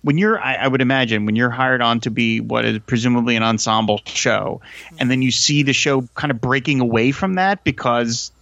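A man's voice: medium pitch, fairly quick, gravelly, no room sound, lo-fi sound. A man guesting on a podcast in casual chat, restarting phrases and acting out lines he quotes. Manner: thoughtful, stammering restarts, lively quoting.

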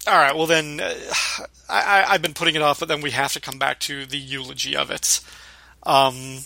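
A man's voice: fairly high pitch, little pitch movement, moderate pace, vocal fry, sharp tone, no echo. A man co-hosting a podcast, talking in a casual, rambling way with lots of fillers and restarts. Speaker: podcast co-host.

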